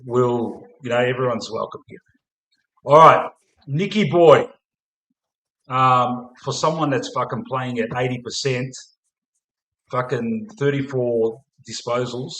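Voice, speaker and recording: A man's voice: mid-range voice, takes it slowly, fairly bright tone, poor audio. Australian man hosting sweary footy chat. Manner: swears a lot, fillers, "mate" and "man". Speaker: host of a fan stream.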